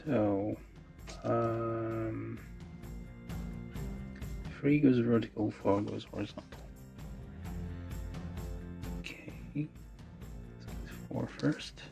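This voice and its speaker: Brief: gravelly-voiced man, slow and mumbling, streaming a model build with music underneath. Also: medium pitch, fairly even intonation, warm tone. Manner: mumbling, thinking aloud, many fillers. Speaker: model kit livestreamer. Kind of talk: casual talk while building. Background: background music.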